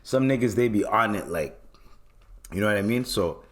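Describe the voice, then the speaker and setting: A man's voice: lowish voice, lively intonation, normal speed, a bit bright. Loose, slangy male podcast host. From Canada. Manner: hyped sing-song intro, then loose slangy rambling. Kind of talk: casual solo podcast chat. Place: studio in a city.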